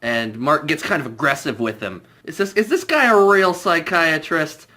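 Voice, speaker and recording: A man's voice: on the high side, lively intonation, moderate pace, bright, forceful tone. A young man giving a comedic spoiler review of a film, incredulous and mocking, often breaking into laughter. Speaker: movie reviewer.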